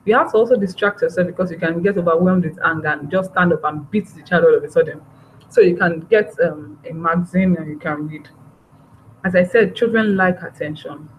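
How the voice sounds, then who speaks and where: A woman giving a parenting workshop, talking earnestly and repeating her phrases. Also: on the low side. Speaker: parenting trainer. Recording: dull, slightly noisy recording.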